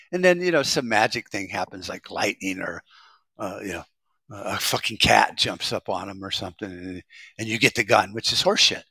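A man's voice: on the low side, lively intonation, moderate pace, gravelly, pushed and bright, slightly rough, dry recording. An American man giving a rambling, profane monologue as a prepper vlogger, with frequent restarts.

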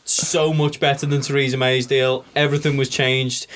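A man's voice: mid-range voice, little pitch movement, moderate pace, a bit bright. A man co-hosting a podcast, explaining politics in casual banter with wry, dry asides. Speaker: podcast co-host.

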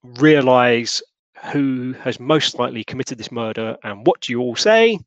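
A man narrates a tabletop game as its game master. He talks in a relaxed, rambling way full of fillers, in a medium voice. The sound is dry and close. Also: medium pitch, a little slow, no echo, lo-fi sound.

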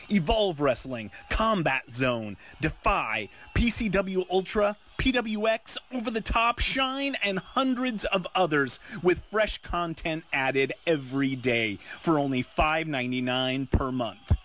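A man's voice: on the high side, animated, a little slow, few pauses, fairly bright tone. A man reading an advertisement in a punchy, salesy delivery. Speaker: ad announcer. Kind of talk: scripted ad read.

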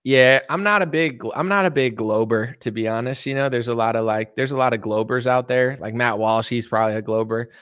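A man's voice: medium pitch, fairly quick, hardly any pauses, fairly bright tone, clean tone, no room sound, studio quality. A man from the United States answering viewer questions in a casual, rambling, joking livestream chat. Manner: rambling, joking, reads viewer comments aloud.

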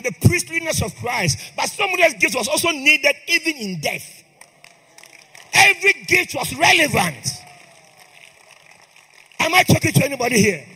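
High, bright-voiced man preaching a sermon. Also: gravelly. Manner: impassioned, calls on the congregation to respond. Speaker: priest. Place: church. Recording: long hall reverb with faint music.

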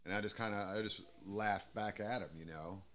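A podcast host and radio DJ with a lowish, fairly bright voice talks at normal speed in a steady tone. He chats casually, swearing freely and laughing often while telling stories.

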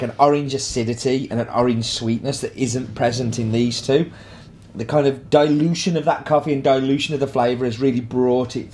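A man's voice: medium pitch, darkish tone. A man hosting a casual coffee tasting vlog, talking enthusiastically with plenty of fillers. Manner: enthusiastic, chatty, filler-heavy. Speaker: coffee roaster host.

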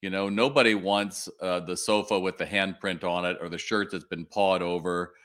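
A man in his sixties, a retail consultant, hosts a live webinar and tells a story while chatting directly with his viewers. His voice is low and slightly bright, with fairly even intonation and a normal pace.

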